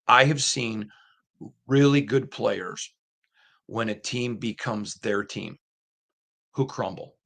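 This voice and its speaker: A middle-aged man with a low, gravelly voice hosts a sports commentary show. He talks in an earnest, emphatic way, often repeating his points. His voice has a husky rasp to it. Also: takes it slowly, pauses often, fairly bright tone. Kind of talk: casual commentary monologue.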